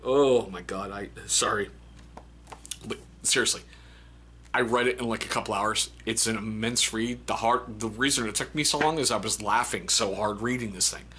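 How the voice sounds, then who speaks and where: A man's voice: lowish voice, normal speed, bright, forceful tone, a little hiss or hum. A man hosting a casual book review video, reading funny excerpts aloud and laughing often. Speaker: book review channel host.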